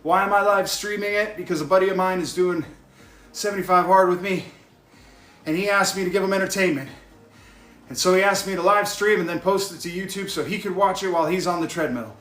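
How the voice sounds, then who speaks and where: Breathless man streaming from his bike, high and bright, gets loud when worked up; echoey home room. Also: a little fast. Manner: worked up, yelling at times. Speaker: fitness vlogger live streaming his workout. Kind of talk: live stream talk to chat while cycling. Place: indoors at home on exercise bike.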